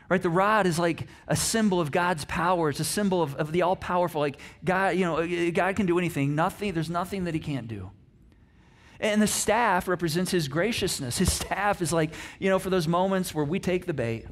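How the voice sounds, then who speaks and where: A middle-aged man preaching a conversational sermon, animated and acting out the quotes he tells. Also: high-pitched. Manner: conversational, animated, acts out quotes, frequent restarts. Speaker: pastor.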